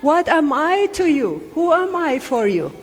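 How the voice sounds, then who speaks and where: A woman's voice: high voice, big pitch swings, a little slow, slight background noise. An older woman, a community elder with an Oromo accent whose first language is Afan Oromo, addressing children at a gathering with coaxing call-and-response and repeated phrases. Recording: reverberant hall with faint ambience.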